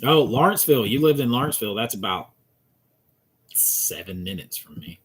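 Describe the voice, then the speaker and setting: Husky man chatting on stream. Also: medium pitch, expressive, fairly quick, fairly bright tone. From Georgia, US South. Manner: rambling, chatty, reads out viewers' comments. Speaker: channel host answering live chat. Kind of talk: casual livestream chat.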